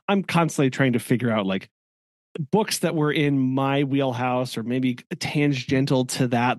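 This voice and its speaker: A man with a mid-range voice muses and laughs easily in relaxed podcast chat. His voice sounds dry and close to the mic. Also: medium pitch, no room sound. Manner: laid-back, laughing, musing. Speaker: podcast co-host. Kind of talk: casual chat.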